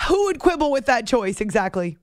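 A woman's voice: on the high side, big pitch swings, fairly quick, a little hiss or hum. A woman hosting a late-night sports radio show in a studio, playful and teasing, laughing often and a bit giddy from lack of sleep. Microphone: studio mic.

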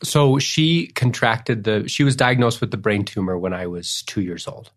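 A man's voice: fairly low pitch, animated, normal speed. A middle-aged man, a cellist and guest, telling emotional family stories in earnest, tearful bursts that go off on tangents. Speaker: cellist guest on a faith podcast. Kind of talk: emotional interview storytelling.

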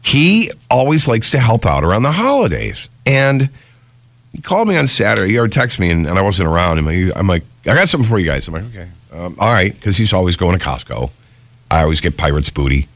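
A man's voice: low voice, very animated, a little fast, fairly bright tone, no room sound. A man co-hosting a morning radio show, chatty and joking, reading the station ID and weather. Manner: jokey, chatty, reads station IDs and weather. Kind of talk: casual radio banter. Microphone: studio microphone.

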